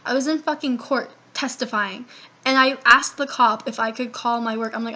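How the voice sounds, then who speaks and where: Young woman vlogger, casual storytime, bright voice, sits a bit high, lots of swearing and acted-out quotes. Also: a little fast. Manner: animated, swears a lot, acts out quotes.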